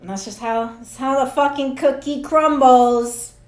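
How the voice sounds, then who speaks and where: A woman's voice: high voice, fairly even intonation, measured pace. A woman in her thirties, a spiritual coach talking straight to camera in a casual, rambling way, swearing freely and laughing at herself. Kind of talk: casual direct-to-camera monologue. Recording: echoey room.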